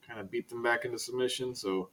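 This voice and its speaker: A man narrating a tabletop game as game master, casual and halting. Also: mid-range voice, steady tone, a bit bright, a little hiss or hum. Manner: casual, halting, with many fillers.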